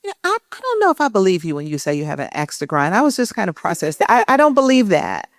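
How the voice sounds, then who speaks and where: A woman's voice: medium pitch, sing-song, fast talker, no echo, studio quality. A woman writing professor in an onstage conversation, talking thoughtfully and searching for the right words. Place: indoor event stage.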